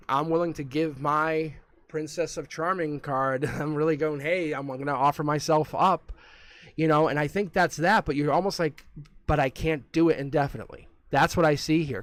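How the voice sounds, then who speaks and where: A man's voice: on the high side, dry recording. A man giving a live-streamed tarot reading, talking straight to the viewer in a chatty way and chuckling often. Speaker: tarot reader.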